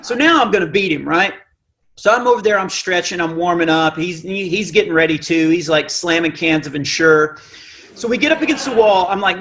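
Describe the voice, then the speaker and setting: A middle-aged man with a naturally high voice telling a self-mocking comic story on stage, acting out the dialogue. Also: fast talker, bright, forceful tone. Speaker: Christian comedian. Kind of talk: stand-up storytelling. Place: live event stage.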